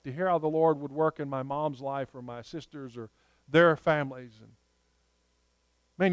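A man preaching a sermon, telling stories in an earnest way and slowing down to stress key points. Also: a little high, clean tone, no room sound. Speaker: pastor.

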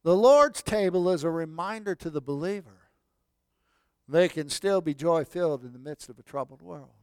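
A man preaching a sermon in a folksy way, swinging from loud calls to hushed lines. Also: on the high side, lively intonation, moderate pace, clean tone, no room sound. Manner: folksy, swells loud then drops to near whispers. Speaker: pastor.

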